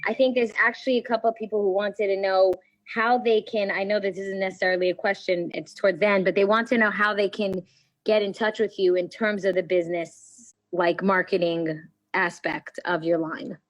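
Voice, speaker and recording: A chatty, enthusiastic woman co-host at a middle pitch. Her voice sounds close and dry, with no room around it. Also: level tone, fairly quick, no echo, rough recording. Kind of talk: talk show chat.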